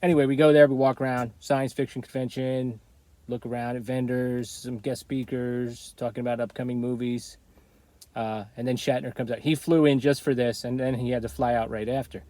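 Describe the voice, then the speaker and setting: A man's voice: mid-range voice, level tone, moderate pace, mellow, no room sound. A middle-aged man tells an old story in a loose, rambling way. He drifts off on side tracks and chuckles along the way. His voice sits in a middle register and sounds close and dry. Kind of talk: casual storytelling.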